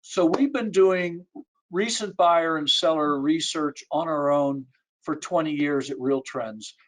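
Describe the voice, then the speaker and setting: A man speaking as an industry analyst on a webinar panel, measured and citing survey figures, heard over a video call. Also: fairly high pitch, a bit bright, low-quality recording.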